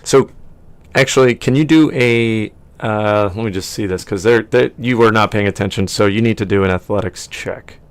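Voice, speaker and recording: A man's voice: lowish voice, moderate pace, clean tone. A man narrating as game master of a tabletop game, rambling and often correcting himself.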